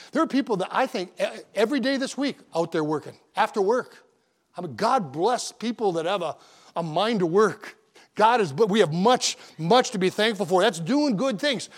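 A middle-aged man preaching a sermon as pastor, fervent and full of repeated words and restarts, slowing to a measured cadence when he reads scripture. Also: high voice.

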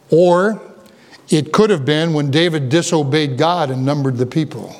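A high-pitched man preaching with earnest emphasis. He swings between quiet, low asides and loud, ringing declarations. He often stumbles and restarts mid-phrase. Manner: quick restarts and stammers. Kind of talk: sermon.

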